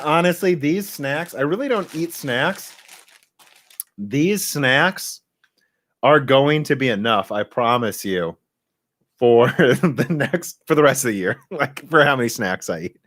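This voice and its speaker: A man's voice: medium pitch, a bit bright, no room sound. A young man hosting a casual live stream about tech hardware, talking in a rambling, chatty way and laughing easily. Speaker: tech podcast host.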